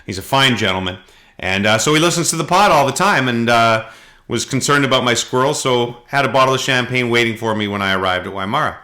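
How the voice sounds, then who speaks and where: A middle-aged man from Canada, co-hosting a podcast and telling animated anecdotes in casual chat. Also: medium pitch, quick pace. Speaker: podcast co-host.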